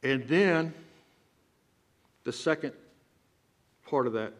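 A man's voice: on the high side, normal speed, pauses often, fairly bright tone. A man with a Texan accent, preaching a sermon as pastor and breaking into emphatic, rising outbursts. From Texas. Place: church sanctuary.

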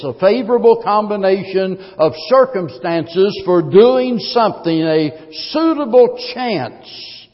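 A man preaching a sermon as pastor, emphatic, his voice swelling louder at key points. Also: a little high. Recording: muffled long-reverb hall recording.

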